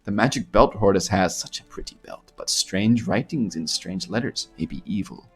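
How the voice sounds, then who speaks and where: A man's voice: sits low, expressive, slow, vocal fry, fairly bright tone, slightly rough, soft background music, heavily acted. A man voicing a coy, scheming female cat-folk thief who speaks of herself in the third person, coaxing and purring as he reads game dialogue aloud. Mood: wheedling.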